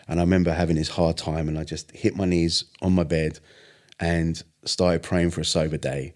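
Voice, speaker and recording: Deep-voiced man telling his story. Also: moderate pace. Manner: earnest, animated retelling with acted-out quotes. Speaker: podcast guest, vocalist. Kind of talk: casual storytelling interview.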